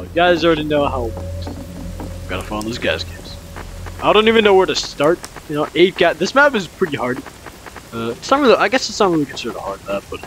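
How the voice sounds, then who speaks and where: A young man talks through his game in a loose, rambling way, circling back to the same words over and over. His voice sits a little high and swings widely, leaping up with each startled outburst. Game music plays clearly underneath. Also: a bit bright. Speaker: gaming commentator. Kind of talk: casual gameplay commentary.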